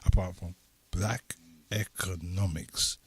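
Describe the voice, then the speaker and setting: A man hosting a radio talk show, speaking bluntly and forcefully with street slang. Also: deep voice, fairly even intonation, slow, slightly rough, no echo.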